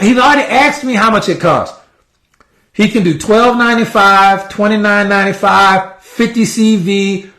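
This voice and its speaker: High-voiced man coaching sales. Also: a bit bright, reverberant. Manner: casual, repetitive, acts out sample dialogue. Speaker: sales trainer. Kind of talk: motivational sales coaching talk.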